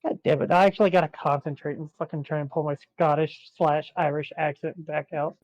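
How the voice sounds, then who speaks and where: A man's voice: a little high, steady tone, brisk, no echo, highs cut off. A man playing in an online tabletop game, chatting casually, swearing freely and rambling. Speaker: player.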